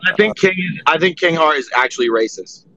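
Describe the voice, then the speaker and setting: A man's voice: on the high side, lively intonation, fairly quick, bright, forceful tone. A man hosting a heated live audio chat, profane and mocking, with a lot of "uh" fillers. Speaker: space host. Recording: dry, dull lo-fi audio.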